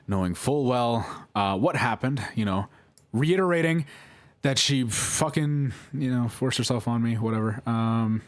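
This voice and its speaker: A man's voice: medium pitch, moderate pace, no room sound. A young man telling a personal story in a rambling, apologetic way, full of fillers and restarts. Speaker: vlogger. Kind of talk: casual storytelling.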